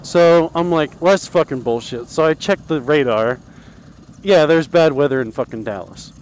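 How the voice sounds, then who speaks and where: Brief: high-voiced, swearing man, rambling angry vlog rant, helmet camera. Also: low-quality recording. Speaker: motorcycle vlogger. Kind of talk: profane ranting vlog. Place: outdoors riding a motorcycle on a country road. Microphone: helmet action camera. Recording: engine and wind noise.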